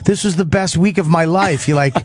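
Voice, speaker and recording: A man's voice: on the high side, fairly quick, a little hiss or hum. A man, a comedian, telling raunchy stories in casual talk, swearing and acting out the lines of the people in them. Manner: animated, swearing, acts out quotes. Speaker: comedian guest. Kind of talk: raunchy comic storytelling.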